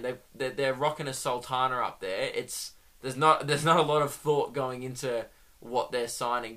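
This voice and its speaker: Young male comic host, animated and sweary, bright tone. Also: fairly high pitch. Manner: animated, mocking impressions, swears freely. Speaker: comedian podcast host. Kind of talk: comic monologue.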